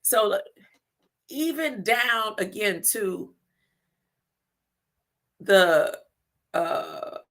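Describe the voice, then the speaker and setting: A woman hosting a spiritual livestream, speaking unhurried affirmations, laughing often and repeating words for emphasis. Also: mid-range voice, expressive. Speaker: livestream host.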